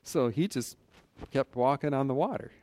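A man's voice: mid-range voice, expressive, moderate pace, darkish tone, no echo. A man teaching from the Bible in a conversational, earnest way, often restarting his sentences and adding "you know". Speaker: preacher.

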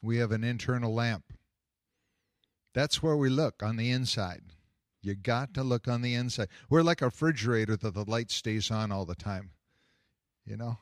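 A man's voice: mid-range voice, no room sound, studio quality. A man preaching a sermon, telling a story and asking the congregation questions. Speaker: pastor.

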